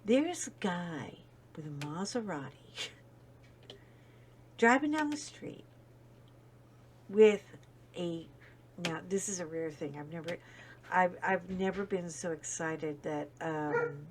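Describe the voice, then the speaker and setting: Chatty woman host, casual storytelling with lively swings. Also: fairly low pitch, takes it slowly, pauses often, a little hiss or hum. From United States. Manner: chatty storyteller, animated, wandering asides. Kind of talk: casual chat while coloring.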